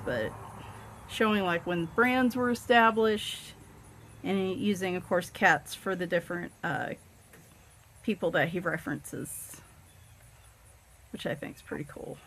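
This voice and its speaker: A woman's voice: fairly low pitch, a bit bright, slight background noise. A woman with a Southern accent chatting casually and rambling a bit as she shows her coloring books, with plenty of fillers and self-deprecating jokes. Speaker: coloring book channel host. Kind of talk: casual chat showing books.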